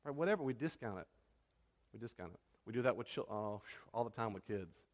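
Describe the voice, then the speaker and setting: A man's voice: fairly low pitch, brisk. A man preaching a sermon as a pastor, emphatic, acting out quoted spouses with sudden raised voices. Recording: reverberant hall.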